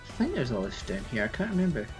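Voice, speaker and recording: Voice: mid-range voice, very animated, quick pace, darkish tone, faint music behind, poor audio. Chatty live-streamer. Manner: chatty, reads and answers chat while playing. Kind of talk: casual gameplay live stream.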